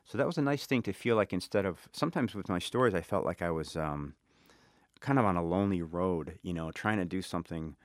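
As an interview guest, a middle-aged author with a South Side Chicago accent and a very low, expressive voice speaks reflectively. He's thoughtful and halting, pausing and restarting sentences as he thinks. The recording is dry and close, with no echo.

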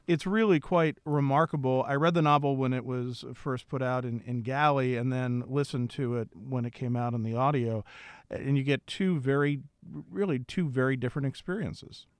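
A man hosts a radio book program, speaking in a measured, courteous way. His voice is mid-pitched and the recording is dry and close. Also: clean tone, dry recording. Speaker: radio book show host. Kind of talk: radio interview and sign-off.

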